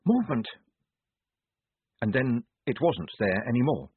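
A man narrating a novel in expressive storytelling style. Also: medium pitch, a little slow, breathy edge, no echo. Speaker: audiobook narrator. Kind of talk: scripted narration. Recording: tinny phone-like sound, dry.

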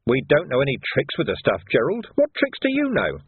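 Brief: shrewd, sardonic police commander voiced by a man, husky and lively in pitch, with a tinny phone-like sound. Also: brisk, no room sound, heavily acted. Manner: dry, mock-cheerful, intimidating. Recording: dry phone-like narrow sound.

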